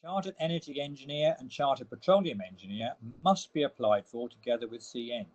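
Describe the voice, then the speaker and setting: A man's voice: medium pitch, brisk, a little mellow, lo-fi sound. A man giving a webinar slide presentation, explaining each step and leaning hard on the key words. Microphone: online webinar audio.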